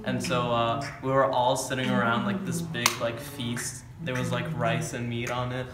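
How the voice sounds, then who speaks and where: A young man at a middle pitch tells a story among friends. He rambles and fills his sentences with "like". The room is echoey. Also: completely flat delivery, normal speed. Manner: rambling, many "like" fillers. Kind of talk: casual storytelling.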